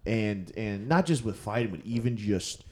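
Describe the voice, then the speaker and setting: A man's voice: lowish voice, animated, normal speed, a little mellow. A male comedian in casual conversation, talking candidly and restarting his sentences often. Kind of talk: casual podcast chat.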